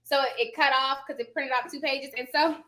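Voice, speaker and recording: A woman's voice: sits high, steady tone, a little fast, sharp tone. A woman in her thirties chatting casually to her viewers, telling stories and calling them y'all. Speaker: notary signing agent vlogger.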